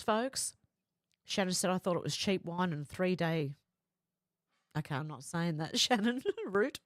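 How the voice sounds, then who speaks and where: Low-voiced woman reading chat. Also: no echo, clean studio sound. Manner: reads comments aloud and chats back, often breaking into laughter. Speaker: livestream host reading viewer comments. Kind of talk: casual chat.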